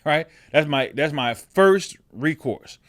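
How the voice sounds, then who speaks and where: Here a podcast host with a heavy voice on the high side speaks at a slow pace, his tone fairly bright and his intonation lively. The clean studio recording has no room sound. He muses through a reflective personal monologue conversationally, frequently restarting, repeating words, and checking in with "right?"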